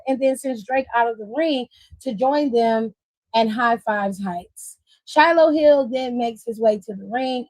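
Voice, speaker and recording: A woman's voice: on the high side, darkish tone, dry recording, rough recording. A woman hosting a casual wrestling recap, blunt and profane, breaking into laughter and side comments.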